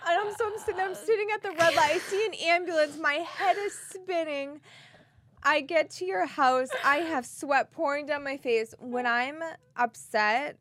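A woman's voice: sits high, moderate pace, a bit bright. A young woman with a Boston accent, co-hosting a podcast and telling a story in casual chat, acting out each scene dramatically. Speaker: podcast co-host.

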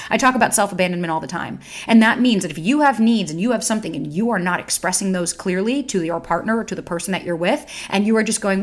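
A young adult woman hosting a podcast, talking candidly and bluntly, swearing freely and acting out inner voices. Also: medium pitch. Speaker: podcast host. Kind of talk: candid solo podcast talk.

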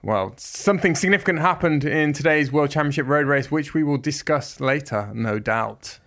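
A man co-hosting a podcast, chatting casually with quick, jokey asides. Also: on the high side, lively intonation, fairly bright tone. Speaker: podcast co-host.

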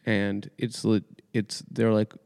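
A man co-hosting a podcast, telling rambling dream stories in a deadpan, casual way. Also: lowish voice, takes it slowly, clear, resonant tone, no room sound, studio quality. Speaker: podcast co-host. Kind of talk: casual comedic chat. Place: small dry studio room.

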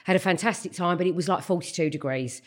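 A woman's voice: on the low side, fast. An Englishwoman in her fifties, a guest telling embarrassing stories bluntly, swearing freely and acting out what other people said. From England. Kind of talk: casual storytelling chat.

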